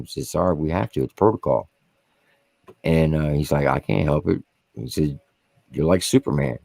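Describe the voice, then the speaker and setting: A man's voice: rumbling low, moderate pace, creaky, a little mellow, no room sound. A man, a military veteran, telling war stories in casual, profane podcast talk. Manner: profane, vivid storyteller. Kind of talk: casual storytelling.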